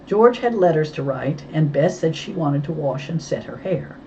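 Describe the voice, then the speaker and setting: A woman narrating a storybook as an audiobook reader, with an expressive, clear reading. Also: low voice, normal speed, muffled recording, slight background noise.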